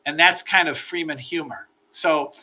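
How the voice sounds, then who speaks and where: A middle-aged man, a former federal agent, telling stories from his career as a podcast guest, animated and repeating words as he starts his sentences. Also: a little high, normal speed. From United States. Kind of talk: storytelling in a podcast interview.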